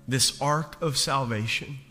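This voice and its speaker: A man in his thirties preaching a sermon as pastor, slow and emphatic, building to loud peaks. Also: mid-range voice. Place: church sanctuary. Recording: long reverb of a large hall. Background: soft instrumental music.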